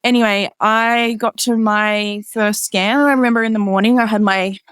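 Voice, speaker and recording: A woman's voice: steady tone, normal speed, a bit bright, clear, resonant tone, no echo, clean studio sound. A woman guest in casual conversation, telling a personal story with many "like" fillers and quoting others in a lifted voice. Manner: acts out others' lines in a higher voice. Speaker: podcast guest.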